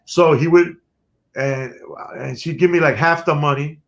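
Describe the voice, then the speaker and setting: A man, a guest musician telling stories in an interview, animated and quick to laugh. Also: on the high side, creaky. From New York City. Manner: animated storyteller who laughs often. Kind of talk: storytelling in an interview.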